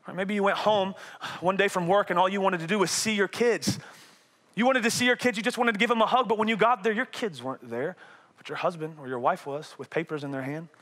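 A man in his twenties with a North Carolina accent, a youth pastor preaching an energetic, conversational sermon and often asking "right?". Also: high-pitched, fast talker. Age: 20s.

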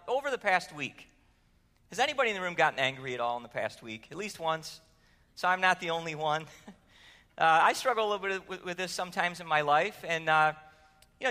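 A man's voice: sits high, pushed and bright. A man preaching a sermon in a conversational way, asking the room questions and telling stories. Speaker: pastor. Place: church sanctuary. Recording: long hall reverb.

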